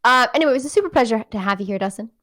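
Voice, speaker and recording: A woman's voice: a little high, animated, rapid-fire, fairly bright tone. A woman from South Africa with a South African accent, co-hosting a podcast in casual, chatty talk and laughing often. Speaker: podcast co-host. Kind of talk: casual chat.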